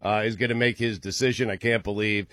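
A man's voice: lowish voice, steady tone, a little fast, fairly bright tone, dry recording, studio quality. Laid-back male sports radio host. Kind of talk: casual sports talk radio.

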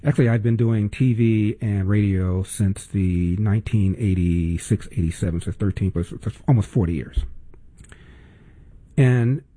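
A man's voice: lowish voice, warm tone, husky. An older man hosting a talk radio show, speaking in a monologue and mocking callers with whiny impressions.

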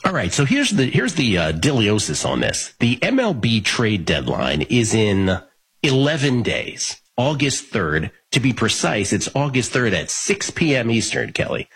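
Guy hosting a sports betting show, rough husky voice, bouncy and lively, rambles and restarts. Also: mid-range voice, a little slow. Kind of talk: casual sports talk.

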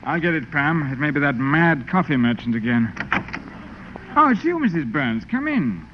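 A man's voice: on the high side, very animated, moderate pace. A British man in 1940s radio comedy, polished, courteous and dry. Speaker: guest star. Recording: muffled old radio broadcast with hiss.

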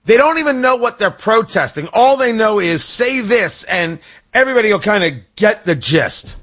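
Talk radio host, man, lively swooping delivery, sarcastic asides. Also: sits high, normal speed. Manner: sarcastic, animated, rambling asides. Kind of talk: opinionated talk radio commentary. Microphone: studio microphone.

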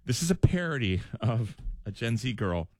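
A man from the US Northeast, a radio host telling stories in animated, laughing casual chat. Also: mid-range voice, moderate pace, dry recording, clean studio sound. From United States, Northeast.

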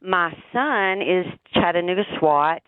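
A woman's voice: lowish voice, lively intonation, takes it slowly, smooth, dry recording. A woman calling in to a radio show, earnest and chatty, relaying a warning. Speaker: caller. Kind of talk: phone call to radio show. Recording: tinny dry phone line.

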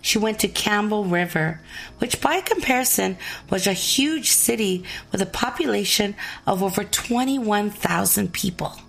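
A woman's voice: mid-range voice, lively intonation, measured pace, creaky, a bit bright, poor audio. A woman hosting, narrating short bridges and chatting casually, laughing along with her guest. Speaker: host.

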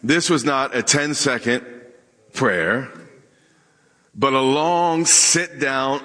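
A man's voice: mid-range voice, big pitch swings, slow pace, pushed and bright. Preaching man in a reverberant hall. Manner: preaching with humor and call-and-response questions to the congregation. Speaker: pastor. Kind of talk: sermon. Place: church sanctuary with a congregation.

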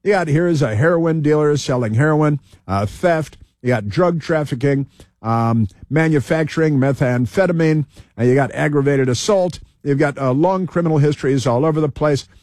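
A man's voice: on the high side, moderate pace, a little mellow, no echo, clean studio sound. A man hosting a talk radio show, giving sarcastic, combative commentary over news clips and repeating phrases for emphasis.

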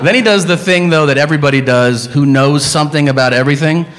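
A man doing a stand-up comedy set, profane and animated, telling stories with impressions. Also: a little high, fast, background noise. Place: comedy club stage. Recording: live club recording with crowd. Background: audience laughter.

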